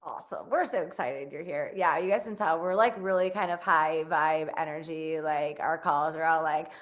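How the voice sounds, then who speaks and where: A woman hosting a webinar in a bubbly, excitable way. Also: mid-range voice, measured pace. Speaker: webinar host.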